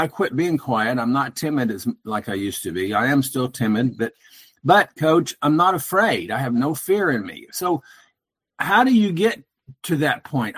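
Earnest male caller, slightly high voice, halting phone-in delivery. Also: a bit bright, breathy edge. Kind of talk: casual call-in chat.

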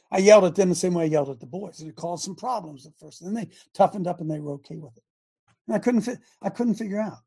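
A middle-aged man hosting a talk show, speaking in an animated, emphatic way with lots of repetition. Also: sits high, slightly rough. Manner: animated, emphatic, repeats himself, often laughs. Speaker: show host. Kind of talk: casual talk show monologue.

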